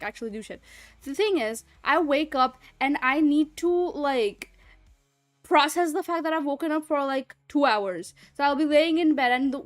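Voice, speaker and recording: High-voiced rambling woman streamer. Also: no echo. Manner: rambling and chatty, swears freely. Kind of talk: casual livestream chat.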